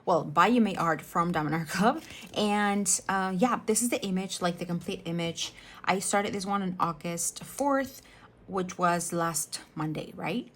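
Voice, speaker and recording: A woman's voice: lowish voice, measured pace, a bit bright. A young adult woman chatting casually while she works on a diamond painting, rambling and correcting herself as she goes. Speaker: diamond painting channel host. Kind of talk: casual chat while crafting.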